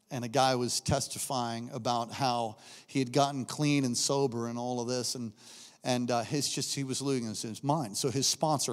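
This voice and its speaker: A man preaching a sermon, telling stories with acted-out voices and swinging between quiet asides and loud, shouted peaks. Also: medium pitch, in a large hall. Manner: animated storytelling, acts out characters, shifts between quiet asides and shouting.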